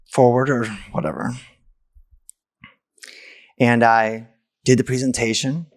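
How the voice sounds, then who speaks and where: A man, a podcast host, telling a personal story candidly and emotionally, stammering and restarting as he goes. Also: mid-range voice.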